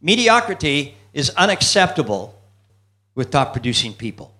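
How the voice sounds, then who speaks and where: A man's voice: fairly high pitch, very animated, normal speed, bright, forceful tone. A man giving a motivational business seminar talk, telling jokes and asking the audience questions. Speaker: business speaker.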